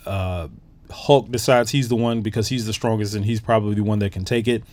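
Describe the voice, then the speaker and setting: A man's voice: fairly low pitch, fairly even intonation, fairly quick, darkish tone, no room sound. A man hosting a podcast, giving a casual, enthusiastic movie review full of fillers and restarts. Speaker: podcast host.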